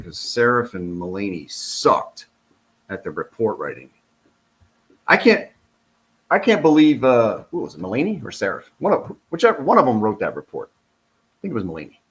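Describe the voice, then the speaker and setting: A man's voice: mid-range voice, moderate pace. A middle-aged man, a retired police officer, giving casual, blunt and profane commentary while reading through a report. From United States. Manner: blunt, profane, animated and heated.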